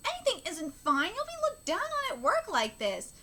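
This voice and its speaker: A woman voicing a bossy teenage boy who nags his mother, reading in a quick, scolding way. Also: very high voice, huge pitch swings, sharp tone, voice pushed up, exaggerated voice. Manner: scolding, fast and pushy.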